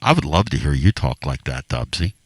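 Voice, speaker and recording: A man voicing a reverent male golf announcer in a low, hushed murmur. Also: sing-song, a little fast, husky, no room sound, full character voice.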